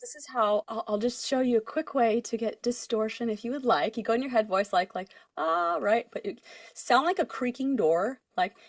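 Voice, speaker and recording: A young woman, a singer, co-hosting a podcast in casual chat, telling stories with lively acted-out quotes and frequent laughter. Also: on the high side, brisk, dry recording, clean studio sound. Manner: animated storyteller, acts out quotes, laughs often.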